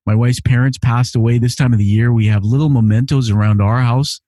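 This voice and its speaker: Speaking a little fast in a steady, dark-toned voice of medium pitch, a man reads listener messages on his podcast with earnest emotion, frequently repeating himself. He's an immigrant to Canada recording dry in his home living-room studio.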